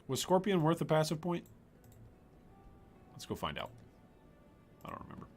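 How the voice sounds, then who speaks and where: A man streaming a video game, chatting playfully with his viewers as he plays. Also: medium pitch. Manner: chatty, playful, joking with chat. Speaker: gaming streamer. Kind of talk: casual gameplay commentary.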